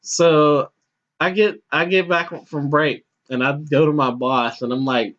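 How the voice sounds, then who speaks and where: A man co-hosting a podcast, telling stories in a casual, animated, slangy way. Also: fairly high pitch, measured pace. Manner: animated, slangy, says "yo" a lot. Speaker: podcast co-host. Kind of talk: casual chat, storytelling. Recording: dull lo-fi podcast audio.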